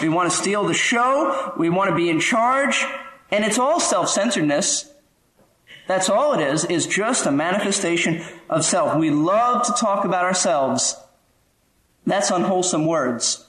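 A man's voice: sits high, a bit bright, reverberant, low-quality recording. A man preaching an expository sermon in an earnest, conversational way, asking rhetorical questions. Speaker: pastor.

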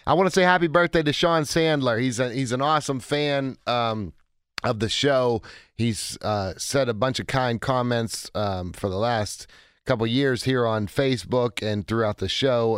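A man in his forties speaks as a radio call-in host, his voice hoarse and cracking. He talks in an energetic, chatty, self-interrupting way at a middle pitch. The studio sound is close and dry. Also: dry recording. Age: 40s. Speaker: radio talk show host. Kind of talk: call-in radio show monologue.

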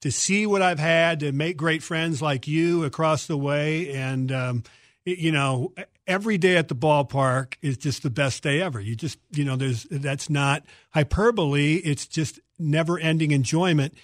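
A man's voice: a little high, normal speed, dry recording, clean studio sound. A middle-aged man, a TV sports producer, chatting as a radio guest and telling stories with enthusiasm. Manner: enthusiastic, storytelling. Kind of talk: casual interview chat.

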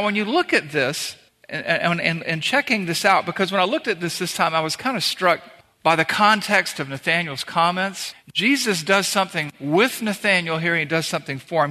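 Male pastor, bright voice, conversational sermon with acted-out quotes, long reverb. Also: on the high side. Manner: conversational preaching, acts out quoted lines.

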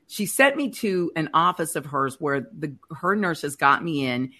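Middle-aged woman with a low voice, telling her testimony candidly and casually. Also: measured pace, few pauses. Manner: candid, animated retelling with acted-out quotes. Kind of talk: personal testimony, casual storytelling.

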